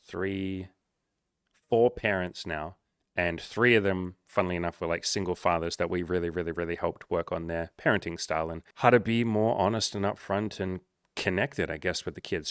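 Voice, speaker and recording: A man's voice: deep voice, dry recording, clean studio sound. A young man coaching on dating, talking casually, bluntly and with lots of swearing. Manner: blunt, profane, energetic. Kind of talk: casual monologue reading client messages.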